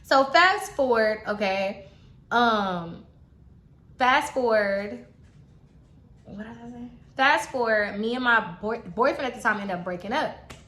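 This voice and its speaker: A young woman tells her own story in an easygoing, chatty way, talking straight to her viewers. Her voice is bright and a touch high. The room gives it a noticeable echo. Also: unhurried, pauses often. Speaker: vlogger telling a personal story. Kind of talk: casual storytime chat. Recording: roomy echo.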